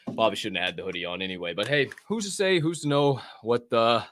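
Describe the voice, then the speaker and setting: A man hosting a casual livestream podcast, chatting and reading an ad in a rambling, profane way from a warm room at home. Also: medium pitch, fast talker. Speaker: podcast host.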